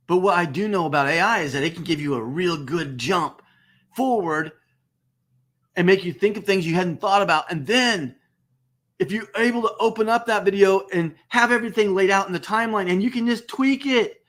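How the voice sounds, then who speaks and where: A man hosting a business webcast, talking emphatically and repeating words for stress. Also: fairly quick. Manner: emphatic, repeats phrases, lively swings in pitch. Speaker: host. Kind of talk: enthusiastic business webcast talk.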